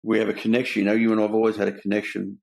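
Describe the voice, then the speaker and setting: An older Australian man hosts a candid conversation, recounting his own recovery in an earnest, blunt way and using quoted dialogue in his stories. His voice sits on the low side, gravelly and darkish, delivered in a monotone at a very fast clip.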